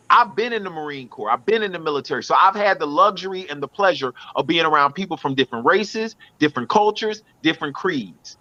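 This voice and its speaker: A man's voice: high-pitched, bright, forceful tone, dull audio. A man co-hosting a podcast, arguing his point in a blunt, preachy and profane way. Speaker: podcast co-host. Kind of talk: casual podcast debate.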